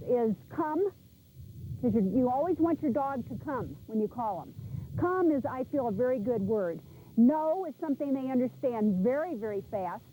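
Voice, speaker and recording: Woman, animal trainer, high voice, mellow tone, emphatic, instructional class talk. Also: a little hiss or hum, poor audio. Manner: emphatic, repeats commands firmly. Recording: VHS video recording.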